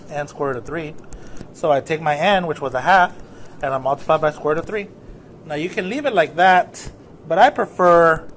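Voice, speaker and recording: A man with a slightly high voice talks through math notes in a loose, casual teaching manner. He keeps checking whether the class is following. A faint hiss sits under his voice. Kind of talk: recorded lesson walking through notes.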